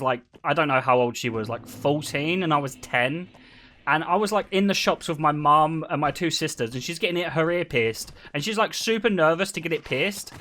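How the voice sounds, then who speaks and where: A young man chats on stream with a bright, high voice. He tells stories with lively swings in pitch and laughs often. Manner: animated, laughing storyteller. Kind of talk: casual chat.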